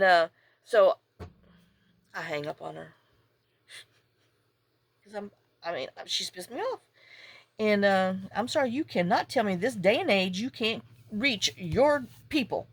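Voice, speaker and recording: A woman vlogger telling a story in a chatty, exasperated way while she works on a papercraft project at home. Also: fairly low pitch. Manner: chatty, exasperated, salty venting. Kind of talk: casual storytelling while crafting.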